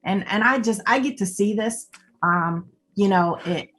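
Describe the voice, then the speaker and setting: A woman's voice: mid-range voice, unhurried, a bit bright. A woman co-hosting a live online show, giving an earnest, rambling thank-you full of "um"s and repeated phrases. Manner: earnest, repeats "more importantly", many "um"s. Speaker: co-host. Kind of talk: heartfelt closing thanks on a live video show.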